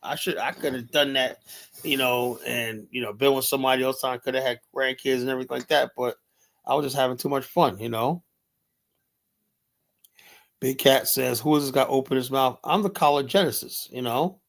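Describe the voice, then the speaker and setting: A man's voice: mid-range voice, moderate pace, gravelly, fairly bright tone. Blunt, profane middle-aged man ranting. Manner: profane, rambling, leans on "you know"; blunt and heated. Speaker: livestream host. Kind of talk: unscripted livestream commentary.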